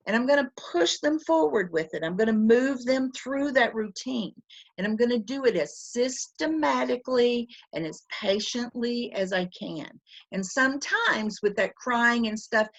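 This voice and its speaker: Emphatic woman in a lo-fi webinar. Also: on the high side. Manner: emphatic, repeats phrases for stress. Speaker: webinar presenter on teaching. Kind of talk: conversational teaching talk. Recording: dull lo-fi webinar audio.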